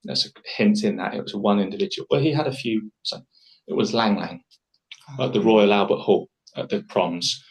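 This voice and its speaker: A man's voice: fairly low pitch, moderate pace, poor audio. A man leading a live public speaking workshop, talking to the group in a chatty, enthusiastic way with frequent restarts.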